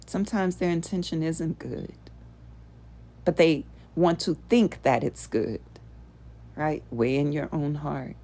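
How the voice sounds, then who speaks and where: A woman's voice: low-pitched, fairly even intonation, takes it slowly, mellow. A woman hosting a show, teaching spiritual principles to a live audience in an earnest, conversational way and often asking them rhetorical questions.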